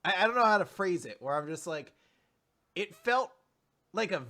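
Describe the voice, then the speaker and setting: A man co-hosting a podcast, recapping comics in casual chat, laughing often and acting out the characters. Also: high voice. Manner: animated, laughs often, acts out characters in quick voices. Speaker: podcast co-host.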